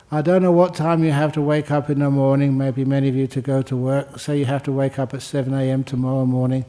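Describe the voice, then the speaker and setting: Older male monk, dharma teacher; mellow, humorous, conversational. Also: medium pitch. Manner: joking, conversational, repeats phrases for emphasis. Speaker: Buddhist monk teaching meditation. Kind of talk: dharma talk answering questions.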